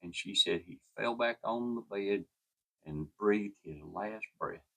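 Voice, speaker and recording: A man's voice: on the low side, slow, vocal fry, fairly bright tone. A man telling a personal story in a folksy, earnest way.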